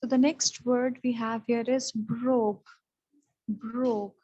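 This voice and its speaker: A woman with a Pakistani English accent teaching English vocabulary in an online lesson, explaining each word and repeating it slowly. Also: a little high, fairly even intonation, mellow, breathy edge, poor audio.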